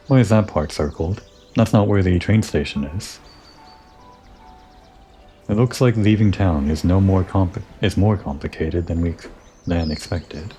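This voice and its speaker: A man giving relaxed, musing commentary over a game playthrough, thinking aloud and talking to the character he plays. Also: low-pitched, normal speed, soft background music. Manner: musing, talks to himself and the character. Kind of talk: relaxed let's-play commentary.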